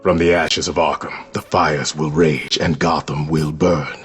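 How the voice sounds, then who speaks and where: Video game: grim masked prophet, extremely low and slow, faint music under game audio. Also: male voice, fairly even intonation. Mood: foreboding. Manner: ominous, measured prophecy. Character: grim male masked prophet warrior, solemn.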